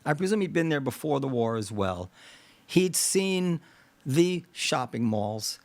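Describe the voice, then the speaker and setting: A man's voice: medium pitch, a little slow, no room sound. A man hosting a podcast, talking through a debate in casual discussion, thinking aloud and acting out imagined exchanges. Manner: animated, acts out imagined dialogues; digressive, thinks aloud with fillers. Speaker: podcast host.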